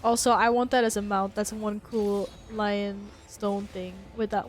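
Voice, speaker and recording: A woman's voice: mid-range voice, steady tone, normal speed, few pauses, faint music behind. A woman streamer in casual chat, swearing, laughing and reading chat messages aloud.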